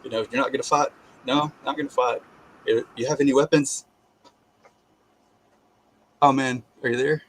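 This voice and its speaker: A man's voice: mid-range voice, normal speed, pauses often, rough recording. A man, a guest sharing his testimony, tells a personal story in casual conversation, acting out the voices he quotes. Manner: animated, acts out quoted voices, repeats and restarts.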